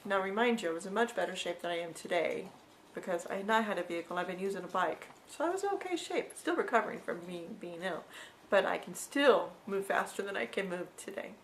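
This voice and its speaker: Gravelly-voiced woman telling a story. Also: mid-range voice, brisk, a little hiss or hum, low-quality recording. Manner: repetitive, conversational retelling with frequent asides. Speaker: vlogger. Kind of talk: personal storytelling vlog.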